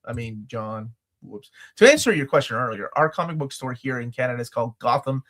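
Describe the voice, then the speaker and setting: A man co-hosting a casual chat livestream, talking in a rambling, jokey, animated way. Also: mid-range voice, fairly quick. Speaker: livestream co-host.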